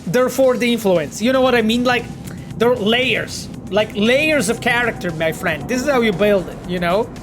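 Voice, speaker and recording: An excitable man with a Polish accent chats with his stream audience while playing a game, swearing freely and calling his viewers his friends. His voice sits fairly high for a man, with soft music running underneath. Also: normal speed. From Poland. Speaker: game developer streaming a playthrough. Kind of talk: casual streaming commentary.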